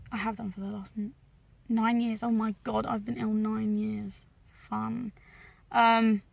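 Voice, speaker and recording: A woman's voice: on the high side, vocal fry, a bit bright, dry recording. A young woman from England telling her own story to camera in a candid, wry, sometimes emotional way. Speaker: vlogger.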